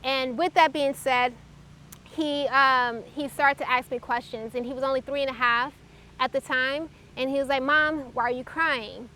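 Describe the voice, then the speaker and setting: A woman with a high, bright voice that has a clear, sharp edge shares her personal faith testimony. She speaks earnestly and reflectively in a steady tone, pausing and halting often. There's slight background noise.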